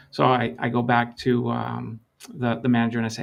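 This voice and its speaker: Brief: gravelly middle-aged consultant guest, measured, explains through anecdotes. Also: male voice, medium pitch, completely flat delivery. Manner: measured, storytelling with quoted dialogue. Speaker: lean consultant, interview guest.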